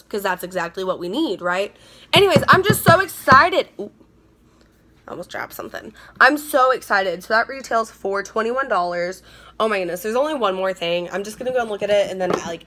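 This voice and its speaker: A woman's voice: mid-range voice, a bit bright. Bubbly young woman gushing over makeup. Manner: bubbly, gushing, repeats herself. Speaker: beauty vlogger. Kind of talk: casual unboxing chat. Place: indoors at home.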